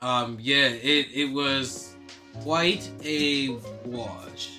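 A man's voice: medium pitch, fairly even intonation, very slow, pushed and bright, soft background music. A man casually chatting about rap beef and boxing, loose and joking, with lots of fillers and swearing. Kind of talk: casual hip-hop commentary chat.

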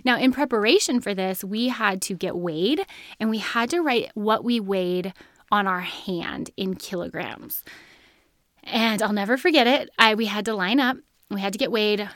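A young woman hosting a podcast, telling a personal story in a casual, animated way and laughing often as she talks. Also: medium pitch, no room sound, studio quality. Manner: chatty, animated, laughs often mid-sentence. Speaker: podcast host.

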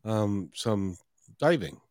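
Halting male podcast host. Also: fairly low pitch, very animated, darkish tone, no room sound, studio quality. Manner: halting, stumbles over words. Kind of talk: casual interview chat.

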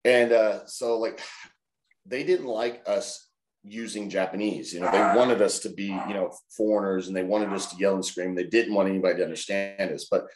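A man telling animated stories as an interview guest, acting out other people's voices. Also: low-pitched, normal speed, reverberant. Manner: animated, acts out voices in anecdotes. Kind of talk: casual storytelling in an interview.

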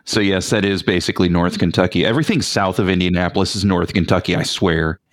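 A man returning as a podcast guest, chatting casually in a relaxed, joking way with plenty of fillers. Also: low-pitched, fast talker, no room sound. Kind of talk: casual chat.

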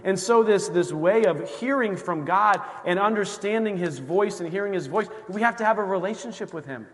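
A man's voice: sits high, normal speed, few pauses, big-room sound. A male pastor preaching a sermon in a conversational way, often acting out quoted voices. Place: church sanctuary.

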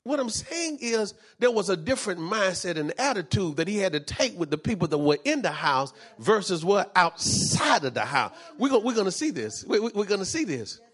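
A man's voice: high-pitched, very animated, moderate pace, few pauses, a bit bright, slightly rough. A man preaching a sermon as pastor, fervent and repetitive, dropping in frequent amens.

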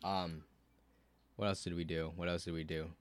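A man telling a story in casual podcast chat, cursing a lot, with many fillers and animated bursts. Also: low-pitched, normal speed. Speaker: podcast co-host.

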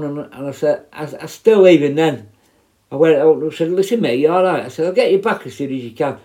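A man's voice: on the high side, dark tone. A middle-aged man, telling prison stories in a blunt, sweary, rambling way. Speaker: former prison officer. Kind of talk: casual storytelling.

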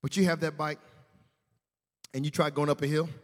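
A man's voice: fairly high pitch, fairly even intonation, moderate pace. A man preaching a sermon as pastor, speaking straight to the congregation and building to fervent declarations. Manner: preaching with rising fervor, addressing the congregation directly. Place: church sanctuary. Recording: long reverb of a large church hall.

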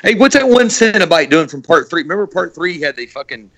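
A man with a rough, gravelly voice trades loose, profane banter on a podcast. He laughs often and talks in a relaxed, casual way. The sound is dry and close, with no room echo. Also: a little high, fast. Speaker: podcast co-host. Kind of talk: casual chat.

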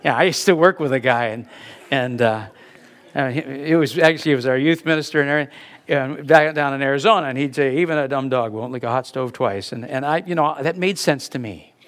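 A middle-aged man delivers a sermon, his voice sitting a little high for a man. He talks conversationally, slipping into anecdotes and chuckling at his own stories. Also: a little fast, a bit bright. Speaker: pastor.

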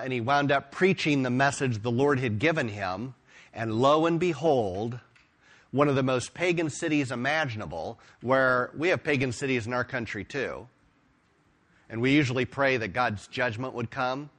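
A pastor preaching a sermon, retelling stories with emphatic, expressive delivery. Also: male voice, mid-range voice.

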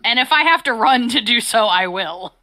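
A woman's voice: fairly high pitch, lively intonation, moderate pace, pushed and bright. A woman playing in a tabletop game, blunt and impatient in her talk. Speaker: player. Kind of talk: tabletop role-play.

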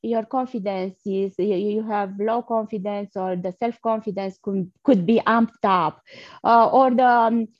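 Woman guiding an energy healing, slow and halting, dull lo-fi sound. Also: mid-range voice, fairly even intonation, no echo. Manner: soft, halting, with breathy blowing sounds. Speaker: energy healer guest. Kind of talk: guided energy healing session.

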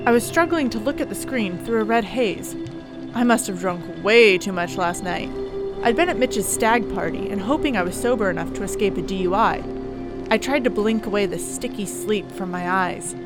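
A weary, sardonic middle-aged counselor narrates his own horror story in the first person, with a woman reading him in her own mid-pitched voice. He speaks at an ordinary pace, and music plays clearly behind him. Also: animated, moderate pace, close to an everyday voice. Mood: shaken.

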